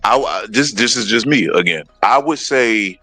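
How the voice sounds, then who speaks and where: A man talking in a casual livestream conversation as a guest breeder, animated and telling stories, acting out what other people say. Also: fairly low pitch, moderate pace, dry recording, faint music behind, poor audio.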